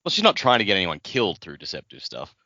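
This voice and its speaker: A man's voice: deep voice, wildly swooping pitch, fast, pushed and bright, no echo. A man co-hosting a casual book podcast, making dry, blunt remarks with casual swearing. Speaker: podcast co-host. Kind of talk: casual book-club chat. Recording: dry lo-fi audio.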